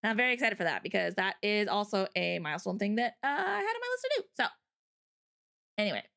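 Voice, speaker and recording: A woman's voice: mid-range voice, very animated, fast talker, creaky, fairly bright tone. A woman hosting a livestream, chatting casually and rambling through stories and viewer comments, often breaking into laughter. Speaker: livestream host.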